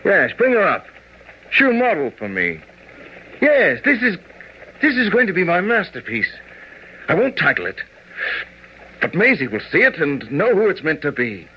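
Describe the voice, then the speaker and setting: A man's voice: on the high side, wildly swooping pitch, moderate pace, slight background noise. An actor playing a proud, moody young male painter who talks in brusque, commanding, impulsive bursts, in old-time radio acting. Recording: dull old radio recording.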